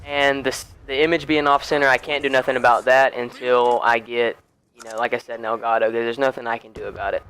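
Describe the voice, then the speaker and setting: A man's voice: medium pitch, little pitch movement, fast, a bit bright, rough recording. A young man chatting casually over gameplay, rambling with lots of fillers and restarts. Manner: laid-back and chatty. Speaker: gaming YouTuber.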